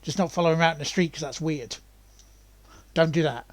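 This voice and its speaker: A man's voice: on the high side, fairly quick, no echo. A man streaming a racing game in casual, rambling chat, often laughing and greeting viewers. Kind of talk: casual gaming livestream chat.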